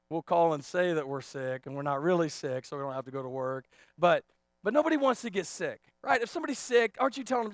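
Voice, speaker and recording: A man in his thirties preaching a sermon as pastor, animated and repetitive, joking with the congregation. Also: sits high, fairly quick, no room sound, clean studio sound. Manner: animated, repeats words, jokes with congregation.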